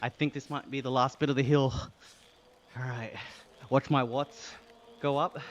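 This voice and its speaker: Australian streamer chatting on a bike. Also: male voice, mid-range voice, flat delivery, normal speed, lo-fi sound. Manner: reads chat aloud and thanks viewers, breathy from exertion. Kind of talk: casual live-stream chat while cycling.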